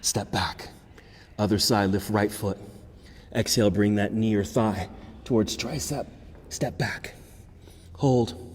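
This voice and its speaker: A man's voice: lowish voice, slow pace, long pauses, slight background noise. Man cueing a yoga class, reverberant studio. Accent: American. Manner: calm instructive cueing, breath counts. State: slightly out of breath. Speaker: yoga instructor. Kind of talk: guided yoga class cues.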